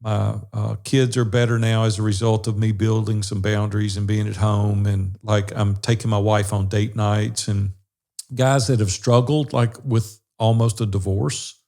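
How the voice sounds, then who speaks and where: A man's voice: fairly low pitch, level tone, moderate pace. A man, co-hosting a podcast and telling stories in a folksy, casual way. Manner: warm folksy storyteller, says y'all and fixing to. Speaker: co-host of a business brotherhood podcast. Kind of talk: casual storytelling chat.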